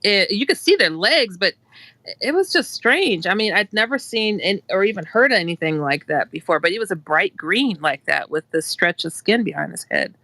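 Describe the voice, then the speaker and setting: A woman hosting a casual talk stream, telling a personal story in an animated way, laughing often and acting out quotes. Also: medium pitch, normal speed, no echo.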